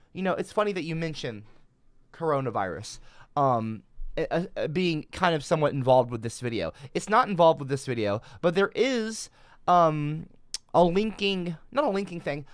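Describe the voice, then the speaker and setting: A man's voice: fairly high pitch, clear, resonant tone, no room sound. A man livestreaming, rambling defensively and swearing often. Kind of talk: casual livestream rant.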